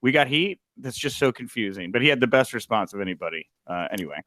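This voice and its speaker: Speaking fast at a medium pitch without echo, a young podcast host covers wrestling news. His talk is casual and story-driven, animated and peppered with "uh."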